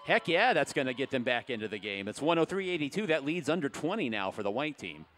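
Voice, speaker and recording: Male derby announcer, mid-pitched, chatty live play-by-play with jokes and crowd call-outs. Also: big pitch swings, quick pace, fairly bright tone, a little hiss or hum. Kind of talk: live sports commentary.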